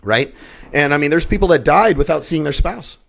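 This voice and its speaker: A man's voice: a little high, lively intonation, brisk, gravelly. A man in his fifties, a podcast guest telling a personal story in an intense, blunt way and swearing often. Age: 50s. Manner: blunt, heavily profane, intense.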